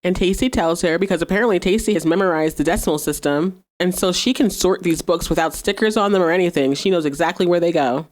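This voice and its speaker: A woman's voice: on the low side, fast, few pauses, darkish tone. A woman hosting a podcast, casually recapping an episode, laughing often and acting out the characters' lines. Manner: chatty, laughs often, acts out quoted dialogue. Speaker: podcast host.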